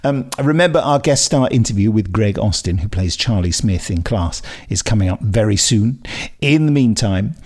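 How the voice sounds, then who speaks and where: A man's voice: fairly low pitch, expressive, moderate pace, a little mellow. A man co-hosting a podcast, presenting the links in a light, amused way. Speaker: podcast co-host.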